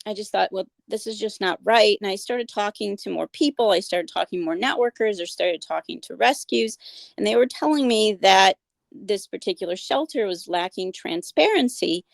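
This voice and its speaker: Earnest woman with a gravelly edge. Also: medium pitch, animated, normal speed, no room sound. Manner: earnest, many fillers and restarts. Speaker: guest, animal advocate. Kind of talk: casual interview conversation.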